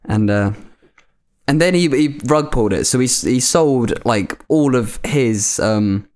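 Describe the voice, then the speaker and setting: A man's voice: mid-range voice, expressive, unhurried, a little mellow. A man co-hosting a casual podcast. He chats in a laid-back way, sprinkling his talk with "like" and "mate". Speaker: podcast co-host. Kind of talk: casual chat.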